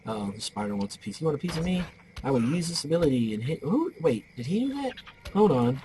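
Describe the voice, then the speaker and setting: A man's voice: mid-range voice, big pitch swings, quick pace, warm tone, a little hiss or hum, rough recording. A man giving casual gameplay commentary, rambling off into joking stories as he plays.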